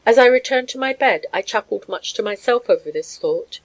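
A woman giving a measured, scripted narration of a story. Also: a little high, lively intonation, rough recording. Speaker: audiobook narrator.

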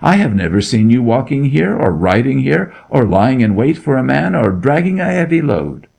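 A man's voice: on the low side, sing-song, a little slow, creaky, a little mellow, slightly rough, exaggerated voice. A man reading a story aloud, voicing a timid young shepherd boy who pleads in a frightened country dialect. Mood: terrified pleading.

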